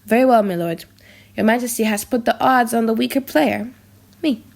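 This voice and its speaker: A woman's voice: fairly high pitch, moderate pace, vocal fry. A woman reading the lines of a bitter young prince in an audiobook drama, wry and cutting.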